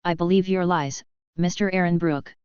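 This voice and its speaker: Lady reading as old wizard guy, slow and teasing, smooth lowish voice, dull dry audio. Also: steady tone, a little mellow, dry recording, natural voice. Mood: wry, gentle. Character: old wise male headmaster wizard, playful.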